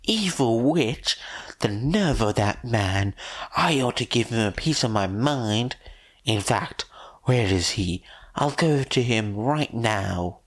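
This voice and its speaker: A man voicing a brash, pushy middle-aged woman who claims to be a long-lost mother, speaking in a shrill, indignant way. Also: very animated, extremely slow, gravelly, full character voice. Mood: outraged.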